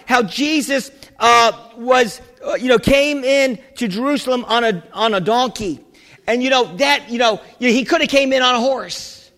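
A man preaching in a very high voice, fervent and often breaking into shouts, stumbling over restarts as he builds. His words ring out with a long reverb, as in a church hall. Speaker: pastor. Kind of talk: sermon.

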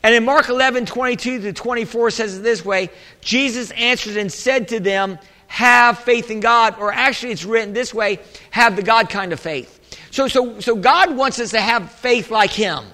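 High, bright-voiced preacher man in a reverberant hall. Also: moderate pace. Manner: call-and-response preaching, asking for amens; conversational, with repeated restarts. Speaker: pastor. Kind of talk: sermon. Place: church sanctuary. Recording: echoey hall with long reverb.

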